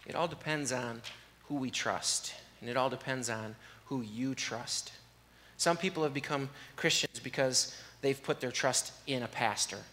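A man preaching an earnest, conversational sermon in a church and leading a soft, slow prayer. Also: medium pitch, big-room sound. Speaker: pastor. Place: church sanctuary.

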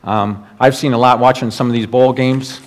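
A middle-aged man delivers a sermon as the pastor, his voice sitting at an ordinary mid pitch. He talks in an earnest, exhorting way, pressing his points with repetition. When he quotes a prayer or a line of scripture, he slows down and lets his voice sink lower. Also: fairly even intonation. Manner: earnest preaching, drops low and slow for quoted prayers and scripture.

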